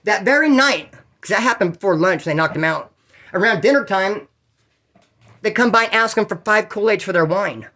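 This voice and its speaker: A man telling prison stories in a casual, animated way, swearing often and acting out other people's voices. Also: high-pitched, normal speed. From California. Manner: animated, profane, acts out quoted voices. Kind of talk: casual storytelling.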